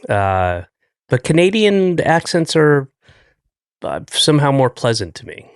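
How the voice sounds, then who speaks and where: A middle-aged man hosting a podcast in casual chat, teasing his guest with a dry, deadpan manner. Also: fairly high pitch, unhurried, clean tone, dry recording. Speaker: podcast host.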